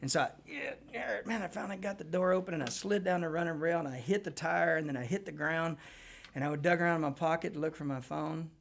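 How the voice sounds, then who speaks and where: A man from Texas, a guest musician telling a long rambling story in a casual, animated way on a radio show. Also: on the high side, fast, creaky.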